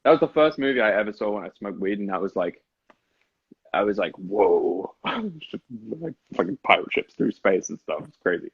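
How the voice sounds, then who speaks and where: A man's voice: on the low side, very animated, normal speed, breathy edge, dry recording, lo-fi sound. A young man chatting in a laid-back, slangy way and swearing casually on a livestream. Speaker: co-host on a livestream. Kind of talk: casual chat.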